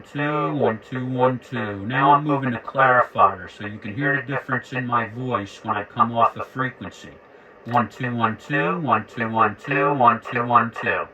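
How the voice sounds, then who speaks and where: A man's voice: mid-range voice, highs cut off. Regular guy at his radio bench, talking easy and counting one two into the mic, some of it coming through a staticky radio. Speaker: radio equipment reviewer. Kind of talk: casual demo talk.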